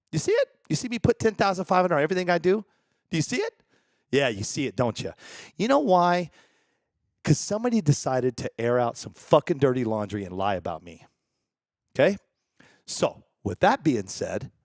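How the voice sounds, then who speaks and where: A man's voice: medium pitch, a little mellow, no room sound. A man hosting a live-stream talk show from a studio, ranting heatedly and swearing. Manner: heated, profane rant. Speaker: show host.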